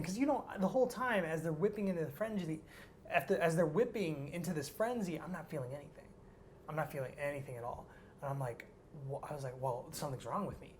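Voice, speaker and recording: A man, an interview guest, tells a personal story in an animated, rambling way, full of "like" and acted-out quotes. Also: fairly high pitch, quick pace, slight background noise. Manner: animated, rambling, heavy use of "like".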